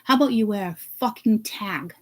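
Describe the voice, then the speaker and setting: Woman vlogger of middle pitch, heated profane rant, hushed then loud. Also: moderate pace, low-quality recording. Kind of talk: ranting to camera.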